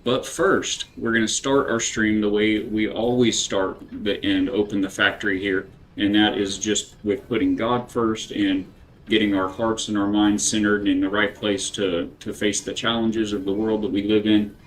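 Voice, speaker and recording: A male streamer speaks in a fairly low voice, unhurried and earnest as he chats with his viewers before playing. His tone stays casual and sincere. A faint background noise sits under his voice. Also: little pitch movement, poor audio. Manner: earnest, unhurried talk with a devotional bent. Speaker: game streamer. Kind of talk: casual livestream chat.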